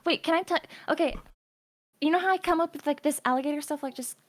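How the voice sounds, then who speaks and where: Young woman, high voice, rambling playful chatter on a call, quick to laugh. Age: young adult. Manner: imaginative, rambling, teasing, laughs often. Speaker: streamer. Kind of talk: casual chat.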